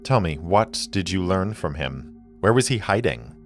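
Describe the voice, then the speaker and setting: A man voicing a solemn, guarded woman mage who speaks in measured, terse questions. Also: low voice, expressive, faint music behind.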